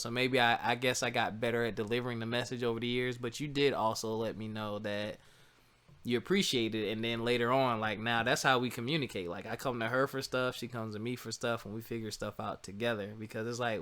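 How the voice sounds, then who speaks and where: A man's voice: mid-range voice, fairly even intonation, a little fast, sharp tone. A man hosting a podcast, telling a laid-back story in casual chat and joking at himself. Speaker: podcast host.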